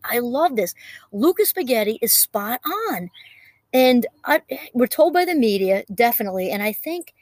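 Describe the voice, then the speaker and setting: A woman's voice: fairly high pitch, animated, moderate pace, darkish tone, no echo. A woman in her fifties talking through a casual, reflective solo monologue, rambling with frequent fillers and restarts. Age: 50s. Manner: rambling, full of "you know" and restarts.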